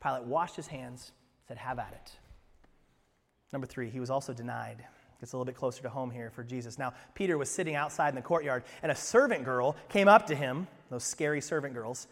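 A male pastor delivering a sermon, telling stories animatedly and swinging from hushed to loud. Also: a little high, quick pace, in a large hall.

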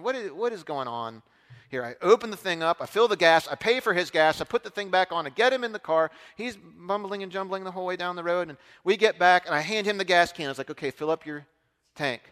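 A middle-aged man preaching, telling a story in an animated way and acting out the other voices. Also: a little high. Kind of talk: storytelling sermon. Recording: long hall reverb.

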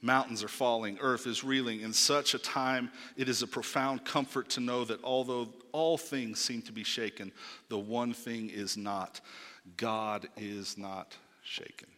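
A man preaching a sermon, emphatic, swinging from loud declarations to hushed asides and asking rhetorical questions. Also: mid-range voice, steady tone, a little slow, long reverb tail.

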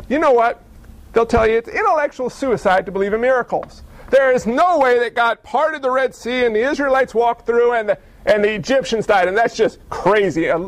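A male pastor preaching a sermon, lively and full of rhetorical questions and wry asides. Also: very high-pitched.

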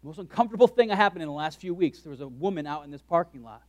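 A man preaching a sermon as pastor, animated and joking, acting out his own thoughts in quick asides. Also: on the high side, no room sound.

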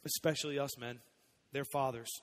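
A man's voice: medium pitch, steady tone, moderate pace. Man preaching in a reverberant hall. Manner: conversational preaching, swings between soft and emphatic. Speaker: pastor. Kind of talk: sermon.

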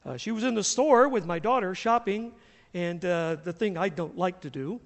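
A middle-aged man from the US South, a pastor preaching a sermon and telling stories in an animated, chuckling way. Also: sits high, normal speed, in a large hall. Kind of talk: sermon with storytelling. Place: church sanctuary.

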